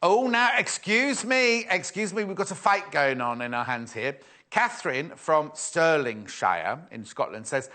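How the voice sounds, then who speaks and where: A man's voice: a little high, sing-song, measured pace, pushed and bright. A man presenting a live sewing shopping show, chatty and playful as he reads out viewer messages. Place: TV studio.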